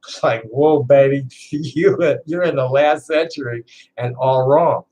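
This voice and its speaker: A trans woman in her sixties ranting to camera in a profane, defiant, bitter way, halting and repeating words with laughing asides. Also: extremely low pitch, mellow, rough recording. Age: 60s. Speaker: vlogger. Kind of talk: unscripted rant to camera.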